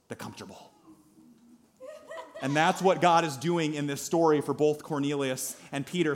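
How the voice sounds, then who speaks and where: A pastor preaching a sermon at a church service, telling a story in a lively way with asides to the congregation. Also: male voice, on the high side.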